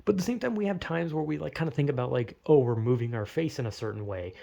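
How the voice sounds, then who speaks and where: A man's voice: medium pitch, lively intonation, fast, gravelly, warm tone. A young man with a slight Southern US accent, rambling through a casual solo monologue, full of "like" fillers, swearing and laughing at himself. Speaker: podcaster musing solo.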